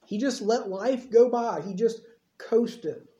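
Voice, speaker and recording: Preacher with a dark, echoey sound. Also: mid-range voice, takes it slowly. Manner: conversational storytelling with casual asides. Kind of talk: sermon. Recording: echoey, slightly dull sermon recording.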